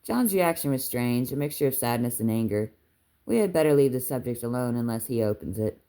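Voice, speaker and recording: A woman with a Southern accent reading a book aloud, unhurried, lifting her voice for the characters' lines. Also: very deep voice, expressive, warm tone. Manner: unhurried storytelling, lifts her voice for dialogue. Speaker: audiobook reader.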